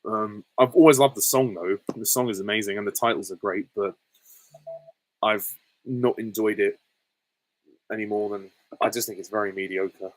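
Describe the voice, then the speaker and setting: A man's voice: on the low side, fairly even intonation, moderate pace, long pauses, no room sound, rough recording. A man hosting a live stream, reading out viewer questions and answering them in a candid, chatty way.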